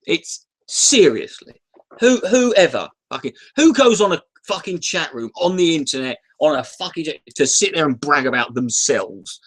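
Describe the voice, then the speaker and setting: A man's voice: on the high side, a bit bright. A man ranting at his chat in a casual, profane livestream, irritable and sighing, breaking off and restarting his sentences. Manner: irritable, sweary, restarts often, sighs. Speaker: YouTuber ranting on a live stream.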